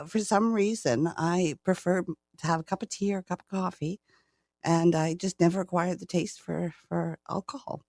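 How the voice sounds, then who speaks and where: A woman's voice: lowish voice, fairly even intonation, normal speed, vocal fry, a little mellow, dry recording. Canadian woman in her 60s, retired guest, giggly and restarting, dry close sound. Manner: laughs often, repeats words as she starts sentences. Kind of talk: casual interview chat.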